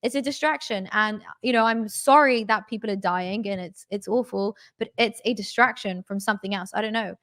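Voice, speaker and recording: A woman's voice: medium pitch, fairly quick, hardly any pauses, fairly bright tone. A woman guest in casual talk, speaking emphatically with strings of rhetorical questions.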